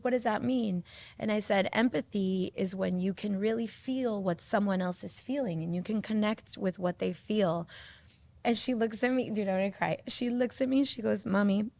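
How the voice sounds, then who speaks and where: A woman in her thirties hosting a podcast, chatting casually and telling animated stories, acting out what her daughter said. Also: mid-range voice, moderate pace, gravelly. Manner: animated storyteller, acts out quotes of her daughter. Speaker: podcast host. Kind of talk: casual chat.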